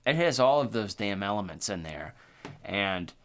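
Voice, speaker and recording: A man co-hosting a horror podcast, talking in a loose, profane, excitable way and filling his speech with "like" and "dude.". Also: lowish voice, normal speed. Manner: animated, profane, full of "like" and "dude". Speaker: podcast co-host. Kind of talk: casual chat.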